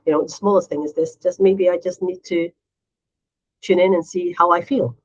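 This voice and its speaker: Woman cohost chatting, lively, does little voices for quotes, kinda dull audio. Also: moderate pace. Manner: animated, acts out quotes in a high voice. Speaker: podcast co-host. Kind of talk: casual chat.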